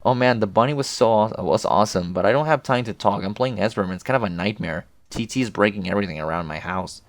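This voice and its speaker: A man's voice: on the low side, fast talker, no room sound, natural voice. A man voicing a flustered, upbeat teenage boy typing in a webcomic chat.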